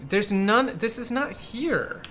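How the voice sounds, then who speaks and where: A man's voice: high voice, animated, slow, pushed and bright, slight background noise. A man commenting on a game's translation in a rambling, incredulous way, full of fillers. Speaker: gameplay commentator. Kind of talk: game localization commentary.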